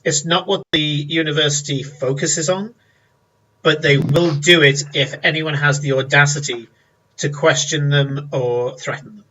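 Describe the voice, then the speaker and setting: A man's voice: on the high side, steady tone, measured pace, bright, forceful tone, dull audio, slight background noise. A man, narrating as game master, descriptive with many fillers.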